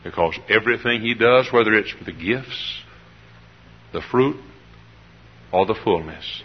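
A man's voice: on the low side, unhurried, breathy edge, long reverb tail. An older man preaching a sermon with fervor, often repeating his phrases. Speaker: pastor. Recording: dull lo-fi sermon recording.

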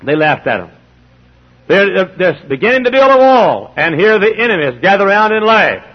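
A middle-aged pastor, preaching emphatically and acting out little dialogues. His voice sits a bit high and sounds husky. The recording is dull and lo-fi. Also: sing-song, moderate pace. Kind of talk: sermon.

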